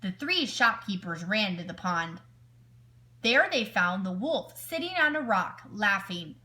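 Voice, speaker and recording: A woman teacher reading a picture book aloud to children, expressive and asking her listeners questions. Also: mid-range voice, a little slow.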